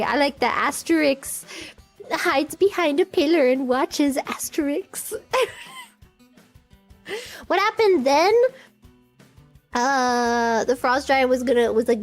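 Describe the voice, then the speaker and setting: A woman streamer telling a story in a casual, rambling way, often giggling and restarting her sentences. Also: fairly high pitch.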